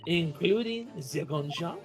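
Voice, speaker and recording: A haughty French-accented nobleman speaks in a florid, courtly way, as a man puts him on. The voice sits somewhat high for a man. Faint music plays underneath. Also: lively intonation, measured pace. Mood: insinuating. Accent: French, put on.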